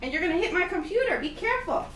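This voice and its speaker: A high-pitched woman runs a playful lesson for her young child, her voice swinging up and down as she coaxes and repeats words slowly for the child to copy. She is recorded in an echoey room, some distance from the microphone. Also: slight background noise. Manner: animated, coaxing teacher, repeats words slowly. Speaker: parent teaching her child. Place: indoor room with a computer and slides.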